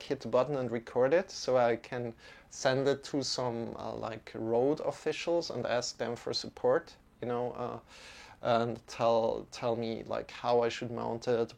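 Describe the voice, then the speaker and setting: A man's voice: mid-range voice, vocal fry, darkish tone. A man teaching a live-streamed mantra lesson, talking in a casual, chatty way with many fillers.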